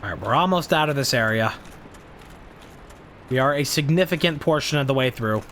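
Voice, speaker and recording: A man's voice: mid-range voice, expressive, moderate pace, pauses often, fairly bright tone, a little hiss or hum. A man streaming a video game, ranting at enemies in a profane, exasperated way and sounding frustrated. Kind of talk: live gameplay commentary.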